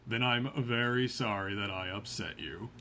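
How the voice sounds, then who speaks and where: A man reading aloud as a brooding young male vampire suitor, in a soft, low-key voice. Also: moderate pace, a little hiss or hum. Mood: restrained.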